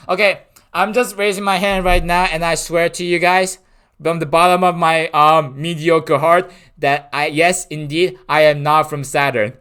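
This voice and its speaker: A man's voice: on the high side, pushed and bright, clean tone. A man streaming live, chatting with his viewers in a playful, rambling way and laughing often. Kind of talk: casual live-stream chat.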